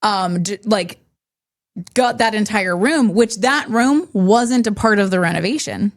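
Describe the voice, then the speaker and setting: A woman co-hosting a podcast, telling a homeowner's story in casual chat, animated and quick to laugh when stressed. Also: mid-range voice. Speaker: podcast co-host.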